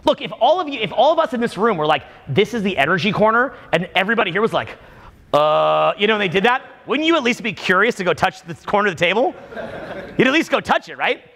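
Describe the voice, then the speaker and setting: A man in his forties holds forth to a live crowd in a lively, high-set voice that swoops up and down. He acts out little scenes and fires questions at the room, and the sound rings with a long hall reverb. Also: quick pace. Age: 40s. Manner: animated, jokey storyteller who acts out bits and quizzes the crowd. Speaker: seminar speaker. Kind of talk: live talk to a room audience.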